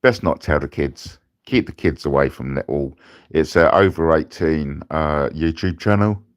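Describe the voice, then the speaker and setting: A man's voice: rumbling low, a little slow. A British man hosting a rambling livestream from his bed, crude and jokey, swearing freely. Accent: British English. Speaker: host. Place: in bed at home.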